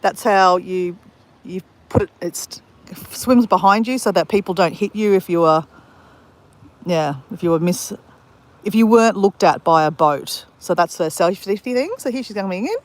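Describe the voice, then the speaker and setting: An Australian woman vlogging live outdoors at a beach at dawn, chatting in a rambling, fast-talking way with lots of restarts. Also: fairly low pitch. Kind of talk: live-stream chat on a beach walk.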